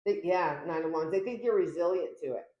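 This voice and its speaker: A woman's voice: fairly quick, dull audio. Chatty woman giving a tarot reading. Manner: chatty, emphatic, acts out quoted lines with big pitch jumps. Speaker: tarot reader. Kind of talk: casual tarot reading to camera. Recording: echoey room.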